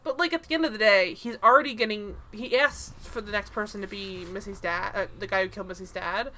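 A woman's voice: medium pitch, fast talker, sharp tone, slight background noise. A woman co-hosting a casual podcast, recapping a TV episode in a rambling way full of "like" and laughs. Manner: rambling, lots of "like", laughs while acting out scenes. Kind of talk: casual chat.

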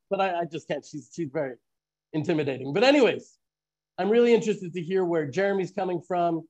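High-pitched guy hosting online bible study, earnest, lots of questions. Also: animated, fairly quick. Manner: asks probing questions, earnest teaching. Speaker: Bible teacher and host. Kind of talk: live online Bible teaching.

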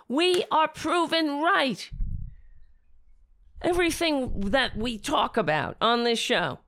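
A woman hosting a political talk show, speaking in a sarcastic, rambling way while her voice is going hoarse. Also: a little high, a bit bright, no room sound, clean studio sound. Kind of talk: casual opinion commentary.

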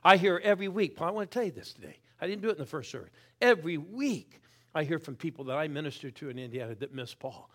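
A middle-aged man preaching a sermon, swinging from loud calls to quiet, intense asides and pushing the crowd to answer back. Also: fairly high pitch, expressive, quick pace. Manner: urges the crowd to respond. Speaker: guest preacher.

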